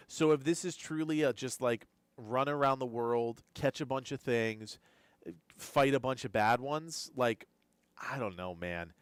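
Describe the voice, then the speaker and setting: Guy streaming game news, yawny and sleepy, smooth clear voice, dry sound, kinda rambly. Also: mid-range voice, no echo. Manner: rambling, repeats words while thinking aloud. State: drowsy, keeps yawning. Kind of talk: live-stream reaction commentary.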